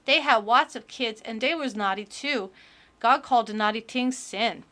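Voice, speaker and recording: A woman voicing an earnest little girl who reads a children's book aloud, in a sing-song, halting way with childlike slips. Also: a little high, sharp tone.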